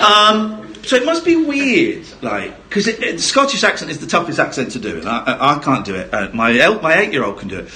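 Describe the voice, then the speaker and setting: A man's voice: on the high side, big pitch swings, fairly quick, few pauses. A man hosting a live comedy podcast, rambling, laughing and swearing through his banter. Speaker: podcast host. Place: live venue stage. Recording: live show with background noise.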